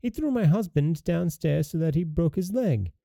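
A man's voice: fairly high pitch, animated, moderate pace, gravelly, mellow, dry recording, clean studio sound, pitched above the performer's own voice. A man putting on an indignant sexton's wife. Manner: complaining, agitated.

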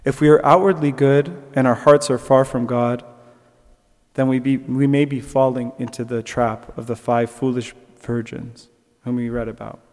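Speaking in a mid-range voice at a moderate pace, a young man gives a sermon reflection as a preacher, heard in a big room. He's conversational, full of fillers and restarts, and animated in storytelling.

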